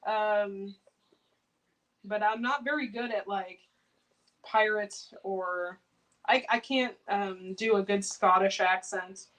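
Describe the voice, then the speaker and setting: A woman's voice: mid-range voice, slow, long pauses, a bit bright, poor audio. A woman chatting casually on a cooking livestream, laughing and reacting to viewer comments. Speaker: home canning livestream host.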